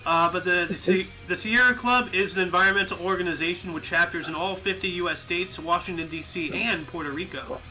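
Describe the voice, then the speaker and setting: A man's voice: sits high, brisk, few pauses, sharp tone, faint music behind, poor audio. A young man co-hosting a casual chat, reading history facts aloud and laughing often. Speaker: podcast co-host.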